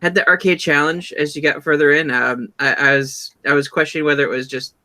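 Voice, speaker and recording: A man's voice: on the high side, little pitch movement, a little fast, pushed and bright. A man co-hosting a podcast on a headset, chatting casually with many hesitant ums and uhs. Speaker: podcast co-host. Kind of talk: casual chat. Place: home computer setup.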